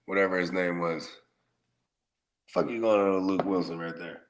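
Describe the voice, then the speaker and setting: A man co-hosting a casual sports podcast, telling stories in an animated, profane way that swings between loud bursts and quiet asides. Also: low voice, normal speed. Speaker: podcast co-host.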